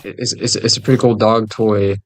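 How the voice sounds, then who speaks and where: Low gravelly guy doing slow rambly game commentary, jokey, mumbles a lot. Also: fairly even intonation, faint music behind. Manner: rambling, joking, mumbled asides. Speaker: gamer recording gameplay.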